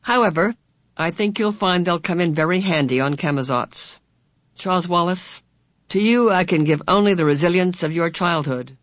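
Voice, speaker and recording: A man voicing a kindly, motherly supernatural woman who speaks gently and reassuringly to children. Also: high voice, moderate pace, no room sound, clean studio sound. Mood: gentle reassuring.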